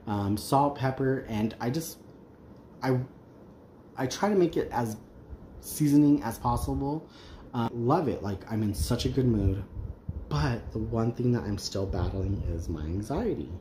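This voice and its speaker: A man's voice: medium pitch, lively intonation, measured pace, mellow. Rambling man in an echoey room. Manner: rambling and candid, with many ums and restarts. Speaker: craft channel host. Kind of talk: casual chat while crafting. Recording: roomy echo, faint background noise.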